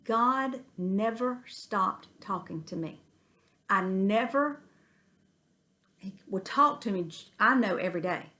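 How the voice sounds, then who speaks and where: A middle-aged woman teaching a women's Bible study, earnest and animated, telling folksy stories. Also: mid-range voice, takes it slowly, pauses often.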